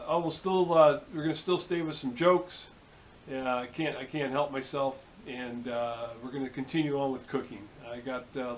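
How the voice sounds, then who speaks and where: A man's voice: mid-range voice, slight background noise, low-quality recording. A man hosting a casual workshop vlog, talking in an easygoing, rambling way with many fillers. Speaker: workshop video host. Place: home workshop.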